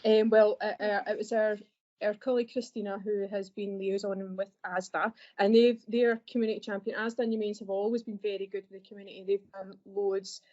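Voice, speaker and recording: Chatty Scottish woman, mellow tone. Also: medium pitch, flat delivery, a little fast. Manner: chatty, laughs easily, self-deprecating. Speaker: library assistant. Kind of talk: podcast conversation. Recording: dull lo-fi podcast audio.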